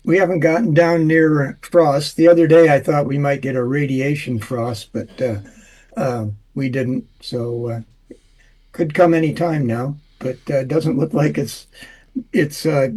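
A man who is a regular guest giving weather and jokes, talking in a folksy, hesitant way with many pauses. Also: a little high, steady tone, a little mellow, husky. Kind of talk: casual chat.

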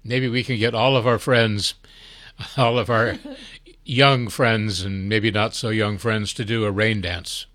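An older man hosting a casual chat, talking in a chatty, wry and unhurried way. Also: fairly low pitch, steady tone, fairly bright tone, no room sound. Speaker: host.

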